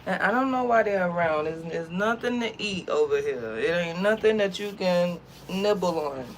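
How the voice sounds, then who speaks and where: A woman's voice: lowish voice, normal speed, slight background noise. A young woman from the States telling a story in a chatty, slangy vlog, outdoors. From United States. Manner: chatty, animated, uses slang. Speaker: vlogger.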